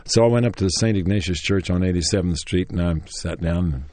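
An older man with a Tennessee accent, his voice low and a bit mellow, talks at a quick pace in a dry recording. In this storytelling interview he rambles through memories of his early acting career, chuckling and restarting, and acts out quotes in a livelier voice.

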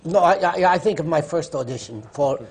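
A man's voice: fairly high pitch, fairly quick, breathy edge. An older man on a panel, telling a wry story about an audition and chuckling at his own tale. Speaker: stage actor on a panel. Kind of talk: casual anecdote telling.

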